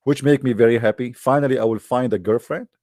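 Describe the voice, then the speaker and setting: A man's voice: mid-range voice, fairly even intonation, fast talker, darkish tone, no room sound, studio quality. A man delivering a mocking, sarcastic monologue to viewers in broken, non-native English. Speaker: online commentator.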